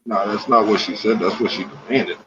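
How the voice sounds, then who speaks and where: Low-voiced man on a muffled mic. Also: steady tone, a little fast. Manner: joking, crude banter. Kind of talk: casual chat. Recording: dull lo-fi mic with background noise.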